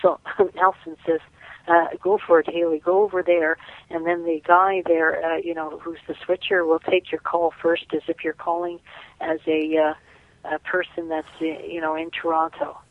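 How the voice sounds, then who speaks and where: A woman's voice: low-pitched, little pitch movement, moderate pace, no echo. Woman caller, rambling storyteller, phone-line audio. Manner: rambling storyteller, many restarts. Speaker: caller and guest. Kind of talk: casual phone interview.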